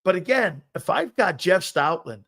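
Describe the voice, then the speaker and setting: A man hosting a live sports talk show, loud and jokey, talking straight to his viewers. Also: sits high, big pitch swings, moderate pace. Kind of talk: live-stream sports talk reading chat.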